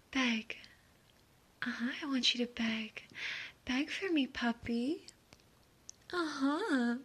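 A woman's voice: high-pitched, slow pace, pauses often, a bit bright. A young woman in a whispered role-play, speaking in a teasing, dominant way with murmured uh-huhs and giggles. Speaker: audio role-play performer.

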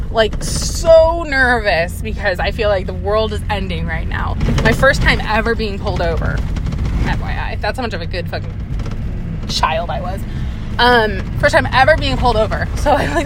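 A woman's voice: mid-range voice, lively intonation, moderate pace, noisy background. A young woman telling a story in a casual vlog while driving, laughing, swearing and mocking herself. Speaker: vlogger. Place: inside a car.

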